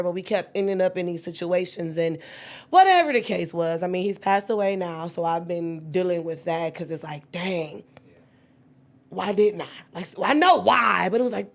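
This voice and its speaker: A woman, telling her own story with candid feeling and acting out the quoted dialogue. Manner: animated, acts out quoted dialogue with sudden high-pitched bursts.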